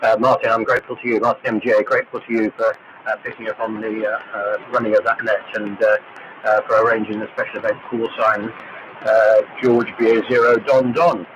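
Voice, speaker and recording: A man's voice: lowish voice, flat delivery. Hesitant man over noisy shortwave radio. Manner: hesitant, filled with uh pauses. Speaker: amateur radio operator. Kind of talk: casual radio net chat. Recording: noisy muffled AM shortwave reception.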